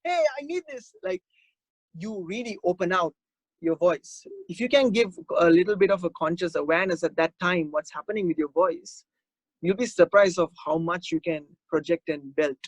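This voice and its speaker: A man teaching a singing workshop over a video call, explaining in a relaxed, halting way between short sung demonstrations. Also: high-pitched, no room sound. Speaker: guest vocal coach.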